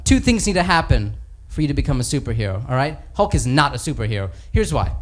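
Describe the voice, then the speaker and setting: A man doing a stand-up set in a comedy club, animated and mocking as he talks into a handheld mic. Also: medium pitch, fast. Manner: animated, mocking, voices characters.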